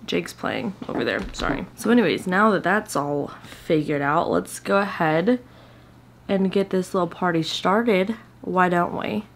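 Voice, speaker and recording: A woman's voice: on the low side, animated, a little slow, creaky. A woman, chatting playfully at home as a reading vlogger, sometimes dropping to a whisper. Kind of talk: casual vlog chat. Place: home, indoors.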